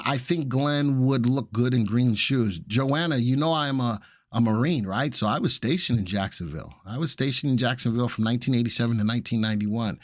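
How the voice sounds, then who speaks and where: A man's voice: medium pitch, no echo, clean studio sound. Upbeat New man hosting a live stream. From Brooklyn, New York. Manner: upbeat, jokey, reads out viewer comments. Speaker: livestream host of stock analysis show. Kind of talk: casual live-stream chat.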